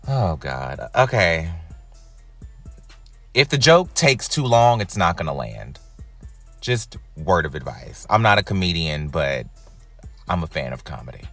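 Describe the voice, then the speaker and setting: A man giving casual reaction commentary, wry and animated, swearing freely. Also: sits low, measured pace, pauses often, faint music behind. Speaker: reaction vlogger.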